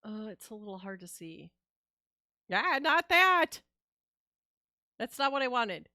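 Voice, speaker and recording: A woman's voice: on the high side, sing-song, slow pace, sharp tone, no room sound, clean studio sound. A woman streaming a game live, chatting casually and expressively with her viewers and reacting with laughs and sighs. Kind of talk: casual live-stream chat while gaming.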